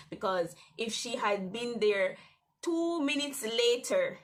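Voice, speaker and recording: A young woman hosting a daily devotional, telling a personal testimony in a conversational, rambling way with restarts and soft laughs. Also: mid-range voice, measured pace, slight background noise. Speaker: devotional host.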